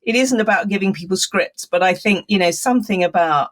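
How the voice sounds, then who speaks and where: A woman's voice: fairly low pitch, normal speed, few pauses. A woman being interviewed as an expert guest on a podcast, explaining things in a thoughtful, conversational way with frequent laughs.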